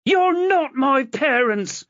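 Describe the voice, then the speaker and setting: Male narrator doing a shrill, hysterical teen girl yelling, muffled lo-fi audiobook sound. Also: unhurried, dry recording. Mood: furious. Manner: shrill, hysterical shouting and sobbing. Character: furious screaming teenage girl.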